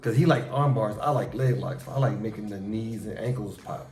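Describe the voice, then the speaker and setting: A middle-aged man hosting a casual chat with his son, telling profane, animated stories about his past and acting out how he reacted. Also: lowish voice, fairly quick. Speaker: show host talking with his son. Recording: echoey room with faint music.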